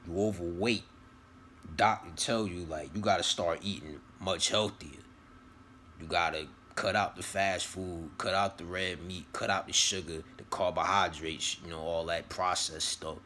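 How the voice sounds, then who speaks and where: A man with a low voice talks in a loose, rambling motivational monologue, full of slang, swearing and repeated phrases. His tone is bright and forceful despite the deep pitch. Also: fairly even intonation, unhurried, a little hiss or hum. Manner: rambling, slang-heavy, profane, repeats himself. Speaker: vlogger giving spiritual advice.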